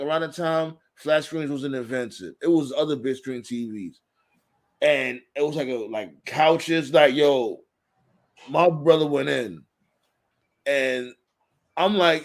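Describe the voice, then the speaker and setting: A man hosting a casual talk show, telling a profane story and acting out quotes in a raised, animated voice. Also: on the high side, unhurried. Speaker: podcast host.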